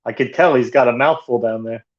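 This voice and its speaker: A man's voice: medium pitch, a little fast. Wisecracking man on a podcast. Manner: dry, wisecracking asides. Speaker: podcast co-host. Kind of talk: casual podcast chat. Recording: dull lo-fi audio.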